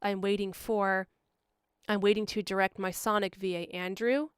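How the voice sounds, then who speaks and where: A fan comic dub producer and director gives a casual livestream channel update, rambling with frequent ums and asides. Her very clear, medium-pitched voice is slightly hoarse, fairly even in intonation and at a normal speed. The clean studio sound has no echo.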